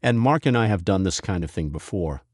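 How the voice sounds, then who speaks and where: A man voicing a calm, commanding former navy commando and father in an audio story, speaking in a cold, steady manner. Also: deep voice, a little fast, no room sound, clean studio sound.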